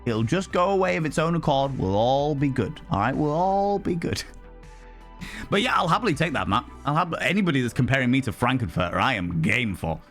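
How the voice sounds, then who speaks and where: A man live-streaming and chatting to his viewers, loud, brash and theatrical, swearing freely. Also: mid-range voice, animated, brisk, soft background music.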